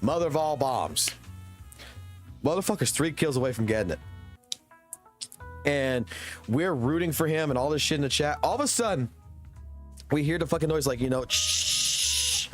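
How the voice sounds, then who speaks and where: A man's voice: a little high, expressive, normal speed, long pauses, faint music behind. A man in his thirties telling a long anecdote on a live stream, swearing constantly and rambling. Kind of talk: casual storytelling on a live stream.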